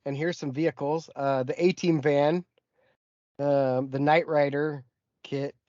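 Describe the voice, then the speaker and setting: A man's voice: a little high, fairly even intonation, a little slow, darkish tone, no echo. Rambling man on a dry, muffled mic. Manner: rambling, lists things with many ums, chuckles. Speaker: podcast co-host. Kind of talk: casual chat. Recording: dry, muffled lo-fi podcast audio.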